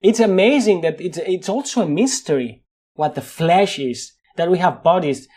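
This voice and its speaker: A middle-aged man with a Spanish accent, speaking as a guest in a thoughtful interview, animated, often restarting his sentences and laughing at himself. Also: high-pitched, moderate pace, breathy edge. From Spain. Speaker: guest, neuroscientist.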